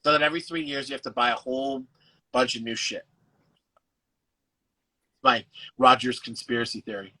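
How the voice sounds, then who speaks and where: A young adult man, a guest chatting casually on a live video call, laid-back and quick to swear. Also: medium pitch, steady tone, pushed and bright, low-quality recording. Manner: laid-back, swears freely, laughs often. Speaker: actor and guest.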